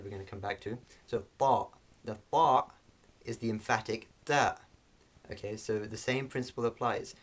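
A man teaching a language lesson, explaining sounds slowly with frequent fillers and restarts. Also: on the low side.

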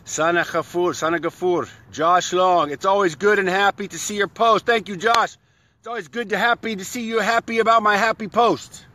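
Hyped-up guy doing a live stream, kinda high voice, says hi to everyone by name, phone or webcam mic. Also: bright, forceful tone. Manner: upbeat, hyped, greets viewers by name. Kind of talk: casual live-stream chat.

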